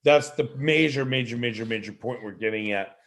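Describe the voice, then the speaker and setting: A man hosting a live online show as a leadership coach, teaching in an animated way with many rhetorical questions over a video call. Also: lowish voice, normal speed.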